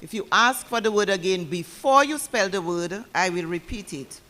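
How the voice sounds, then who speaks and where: A woman calling out words at a school spelling bee, speaking deliberately and repeating each instruction clearly. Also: medium pitch, animated, fairly bright tone.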